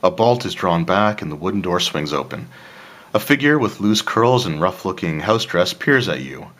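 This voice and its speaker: A man with a very deep voice reads a solo tabletop horror gamebook aloud. He reads the choices and narration and drops in casual, joking asides. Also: expressive, normal speed, a bit bright. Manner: casual, with asides and throat-clearing. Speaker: player of a solo tabletop adventure.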